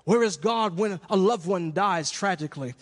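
High-voiced impassioned male preacher. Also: normal speed. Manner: impassioned, swinging between shouted cries and hushed questions. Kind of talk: sermon. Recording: long hall reverb.

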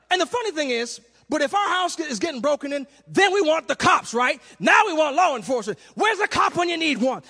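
Male preacher, high voice, lively sermon with acted-out asides, long hall echo. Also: brisk, few pauses. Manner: animated, acts out little scenes, shouts for emphasis.

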